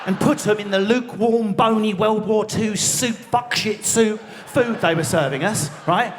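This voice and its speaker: High-voiced Essex man ranting on stage. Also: slight background noise. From England. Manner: rapid, swearing, mock-outraged rants with frequent shouting. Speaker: stand-up comedian. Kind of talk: live stand-up routine. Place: large theatre stage. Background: audience laughter.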